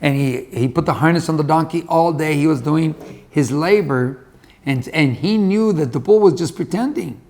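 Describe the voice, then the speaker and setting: Gravelly-voiced motivational storyteller man. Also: on the high side, normal speed, darkish tone. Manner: folksy, conversational, repeats points. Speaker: motivational speaker.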